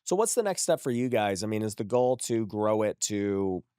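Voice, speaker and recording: A man in his thirties hosting a casual interview, affirming his guest and wrapping up with a relaxed plug. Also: lowish voice, normal speed, clear, resonant tone, no echo, clean studio sound. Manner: affirming, short backchannels, relaxed promo wrap-up. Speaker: podcast host.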